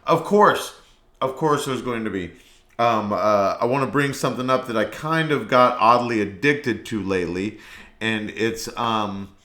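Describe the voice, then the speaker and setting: A man's voice: mid-range voice, sharp tone. A man hosting a casual solo podcast, talking in a loose, rambling, meandering way. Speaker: podcast host. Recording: echoey room.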